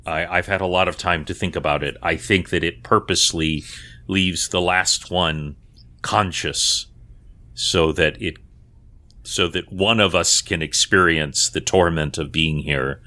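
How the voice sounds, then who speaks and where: A man voicing a young woman just thawed from ice, her hair turned gray, who speaks in halting, broken restarts. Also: deep voice, fairly even intonation, bright, forceful tone. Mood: haunted. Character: young woman freed from ice, now gray-haired, shaken and urgent.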